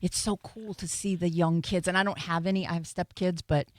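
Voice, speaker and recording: A woman's voice: on the low side, fairly even intonation, a little fast, darkish tone, no echo. A woman in her sixties co-hosting a casual show, telling bawdy, playful stories in a studio. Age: 60s. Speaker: co-host. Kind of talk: casual radio-show chat. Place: broadcast studio.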